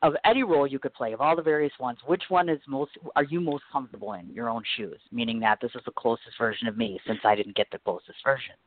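A man hosting an interview podcast, chatting in an excitable, animated way. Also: mid-range voice, fast, few pauses. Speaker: podcast host. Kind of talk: casual interview talk. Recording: dry, phone-like line.

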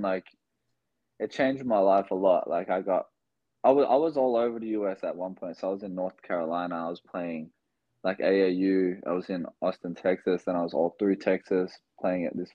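Dry, lo-fi audio captures a young Australian man's low voice at normal speed. As a basketball player guesting on a casual interview, he meanders through stories full of fillers.

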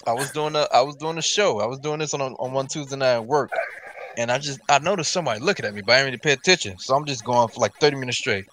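A man hosting a casual gaming podcast, telling stories in an animated, profane way. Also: medium pitch, very fast. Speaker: podcast host.

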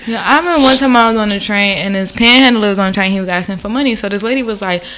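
A young woman chatting casually as a co-host, animated, laughing often and swearing freely. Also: mid-range voice, very fast. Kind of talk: casual chat.

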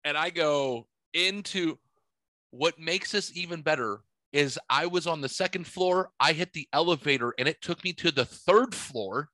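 A man hosting a podcast, telling stories in casual chat, animated and swearing, acting out the voices in his stories. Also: a little high, moderate pace, dry recording. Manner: animated, swearing, acts out quotes. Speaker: podcast host. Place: podcast studio.

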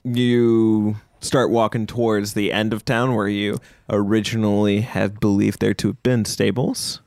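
A man's voice: lowish voice, flat delivery, a little slow, gravelly, darkish tone, no room sound, clean studio sound. Matter-of-fact male game master. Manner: plain, matter-of-fact narration. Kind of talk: narrating a tabletop game.

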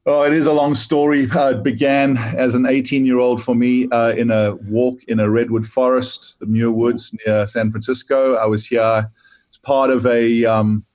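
A man in his fifties with a South African accent, a pastor telling stories in a relaxed way with many fillers during a casual podcast interview. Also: medium pitch, normal speed. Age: 50s. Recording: dull lo-fi sound.

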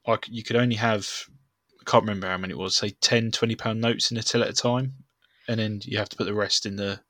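A man's voice: fairly low pitch, fairly even intonation, fast talker, a bit bright, no echo. A young man, a podcast co-host, telling swearing, self-mocking stories in casual chat. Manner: swearing storyteller, laughs at himself.

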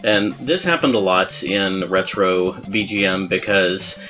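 A man's voice: low voice, a little slow, pushed and bright. A man hosting a casual podcast about game music, talking in a loose, rambling way with chuckles and self-deprecating asides. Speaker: podcast host.

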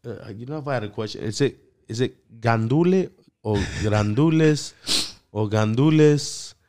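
A man co-hosting a casual talk show, animated and joking, swearing easily and dropping in Spanish words. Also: on the low side, normal speed. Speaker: podcast co-host. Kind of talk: casual chat.

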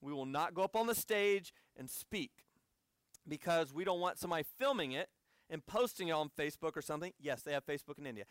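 High-voiced American man preaching. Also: lively intonation, fast talker, clean tone, no echo, clean studio sound. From United States. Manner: conversational storytelling with asides to the audience. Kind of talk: sermon.

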